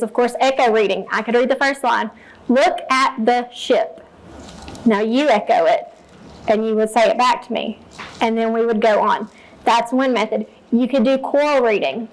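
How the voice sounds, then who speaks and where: A woman's voice: on the high side, poor audio. A woman teacher walking fellow teachers through her reading lessons, explaining each step plainly and modeling read-alouds. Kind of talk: teacher training talk.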